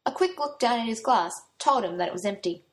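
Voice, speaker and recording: A woman's voice: on the high side, expressive, brisk. A woman reading a story aloud, giving her own light touch to the young men's lines. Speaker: narrator.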